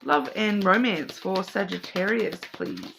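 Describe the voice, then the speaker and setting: A woman talks through an intuitive card reading in a casual, wandering way. Her voice is bright and forward. She hesitates, repeats words and restarts her phrases as she goes. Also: mid-range voice, lively intonation, unhurried, creaky, faint music behind. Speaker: tarot and oracle card reader.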